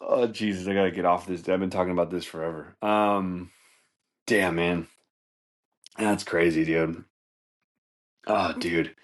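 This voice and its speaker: A man's voice: sits low, fairly even intonation, unhurried, long pauses. A man hosting a comedy podcast, rambling loosely through stories, swearing and laughing, saying dude a lot. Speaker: podcast host.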